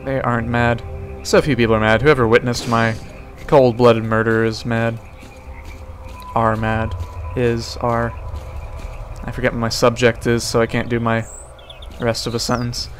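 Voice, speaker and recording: A man's voice: mid-range voice, little pitch movement, unhurried. Young man, game commentary, rambling, jokey, talks to characters, faint music behind. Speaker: let's play host. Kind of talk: casual gameplay commentary.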